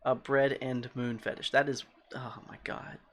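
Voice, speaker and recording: A young man streaming a game, rambling and joking in a casual, often quiet voice, talking into a desk microphone at home. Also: medium pitch, little pitch movement, measured pace. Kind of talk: casual gaming stream commentary.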